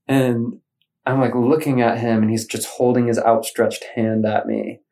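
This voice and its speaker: Man from Michigan, interview guest, lively storyteller who voices his own thoughts; mid-pitched, casual. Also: unhurried. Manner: animated, acts out his own inner voices.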